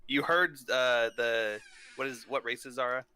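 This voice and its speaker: A man's voice: mid-range voice, normal speed, bright, forceful tone, smooth, natural voice. A man voicing a male adventurer who bluffs a guard with stumbling, persuasive talk. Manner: pleading, persuasive, stumbling over words.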